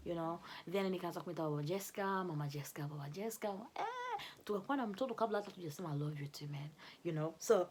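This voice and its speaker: A young woman telling a personal story to camera in a casual, animated way, often laughing. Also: mid-range voice, slightly rough. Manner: animated, laughing, switches between English and Swahili. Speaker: vlogger telling her love story.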